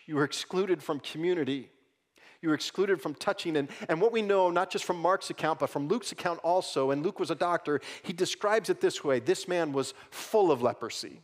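A male pastor preaching a Sunday sermon in a church, coaxing the congregation to repeat lines after him, swinging between loud emphasis and hushed tones. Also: fairly high pitch. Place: church auditorium.

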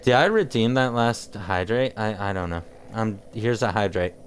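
A man's voice: fairly low pitch, animated, moderate pace, a little hiss or hum. A man streaming a video game, chatting casually with viewers and often tripping over his words. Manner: rambling, jokey, trips over his words. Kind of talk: casual chat with live viewers while gaming.

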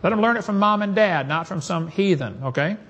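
A man's voice: high-pitched, lively intonation, a little fast, fairly bright tone, husky, highs cut off. A man giving a preaching seminar talk in a folksy, emphatic way, chuckling at his own jokes. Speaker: creationist speaker.

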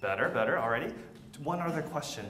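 A man's voice: mid-range voice, animated, quick pace, very noisy. A man teaching a violin masterclass, encouraging and patient, often repeating words and counting beats aloud. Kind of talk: masterclass coaching.

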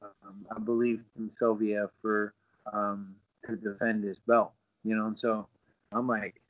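A middle-aged man, a guest on a podcast, telling a story casually and animatedly, acting out quotes with lots of fillers. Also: on the low side. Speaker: guest, former pro fighter. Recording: dull lo-fi sound.

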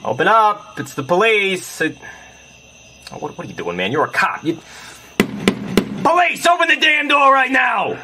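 A man's voice: high voice, big pitch swings, normal speed, long pauses, heavy background noise. A man voicing a nervous, panicky police officer who stammers, in a comedic puppet sketch. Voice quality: stammering, jittery. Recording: loud background music. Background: music.

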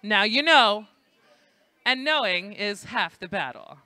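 A New York-accented host takes it slowly in a mid-range, expressive voice that's pushed and bright. The recording is dry, with a faint crowd in the background. He's running a live trivia game show at an indoor student event in a library, joking playfully with the audience.

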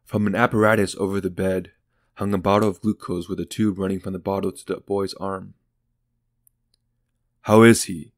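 A man reading a short story aloud in calm, unhurried scripted narration. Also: low-pitched. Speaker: audiobook narrator.

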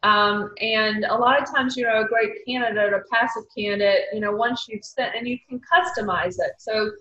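A woman's voice: a little high, fairly even intonation, normal speed, pushed and bright. A woman with a Southern accent on a video call, casually explaining things to a panel in a chatty way with many fillers. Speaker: recruiter on a panel. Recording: muffled echoey video call audio.

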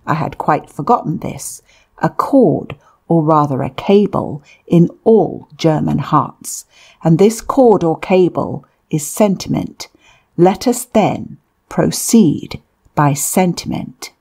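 A woman narrating a memoir-style audiobook in a measured, deliberate reading. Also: deep voice, warm tone, slightly rough.

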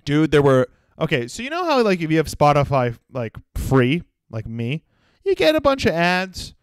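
A young man tells a crude comic rant about a fellow passenger, and his voice swings up and down as he mocks people. The voice is fairly high for a man, smooth and clear. The sound is dry and close to the mic. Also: moderate pace, no room sound. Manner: crude, animated storytelling with mocking impressions. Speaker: comedian podcast host. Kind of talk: solo comedic rant.

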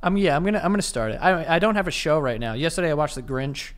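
Laid-back, teasing man with a lively voice. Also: on the high side, quick pace. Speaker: podcast co-host. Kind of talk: casual chat.

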